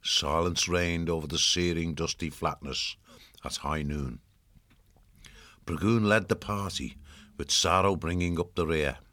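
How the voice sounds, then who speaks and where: Deep-voiced male storybook narrator. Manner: measured, expressive reading. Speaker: audiobook narrator.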